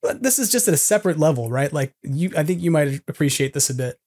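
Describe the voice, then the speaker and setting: A man hosts a casual podcast in a rambling, self-deprecating way, laughing between thoughts. His voice sits a little high. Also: lively intonation, quick pace, a little mellow. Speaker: podcast host.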